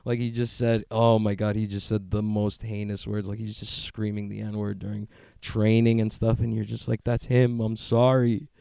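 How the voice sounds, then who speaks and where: A man's voice: lowish voice, monotone, normal speed, gravelly, dark tone, clean tone, no echo, clean studio sound. A man talking in a casual, rambling monologue, swearing often and joking as he goes.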